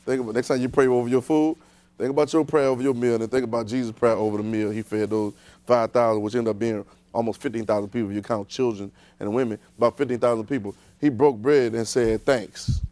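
A man's voice: medium pitch, fairly even intonation, fast, mellow, no echo. A man preaching a conversational sermon, repeating himself and throwing rhetorical questions at the congregation.

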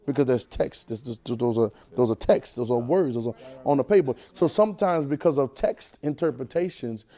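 A man's voice: medium pitch, normal speed, dark tone. A man preacher teaching a Bible class, repeating phrases and pulling call-and-response answers from the room.

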